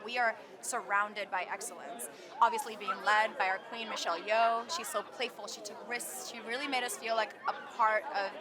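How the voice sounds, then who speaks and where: A woman from Canada, an actress gushing about her film in a red carpet interview outdoors. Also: mid-range voice. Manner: bubbly, gushing, lots of "like". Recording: loud crowd noise outdoors. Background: crowd chatter.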